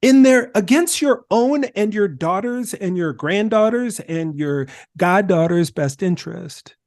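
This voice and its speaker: A man speaking as a podcast guest, telling stories in an emphatic, animated way. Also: sits high, gravelly, dry recording, studio quality. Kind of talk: conversational discussion.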